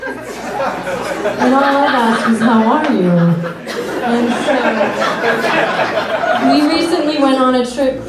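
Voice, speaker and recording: A young woman from Massachusetts doing a stand-up set, with a hesitant, halting delivery full of fillers, on a comedy club stage. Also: mid-range voice. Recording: roomy club sound from far off.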